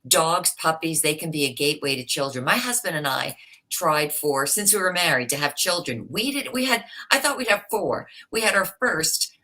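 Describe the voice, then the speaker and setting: Low, bright-toned female panelist. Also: normal speed. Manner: lively personal storyteller. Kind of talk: live panel discussion. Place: online video call.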